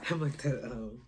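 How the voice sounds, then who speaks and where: A woman's voice: extremely low pitch, noisy background. Rambling woman who laughs and whispers. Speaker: vlogger and stand-up comedian. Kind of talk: casual spiritual chat to camera.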